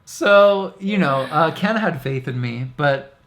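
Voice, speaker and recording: A man's voice: on the high side, animated, slow pace, fairly bright tone, slight background noise. A man co-hosting a casual chat, telling stories in an easygoing way. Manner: easygoing storytelling with fillers and quoted asides. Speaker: co-host.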